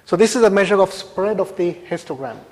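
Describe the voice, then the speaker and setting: A man giving a university lecture, explaining slowly and methodically with pauses. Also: high-pitched, expressive. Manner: slow, measured explaining with pauses. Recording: long hall reverb.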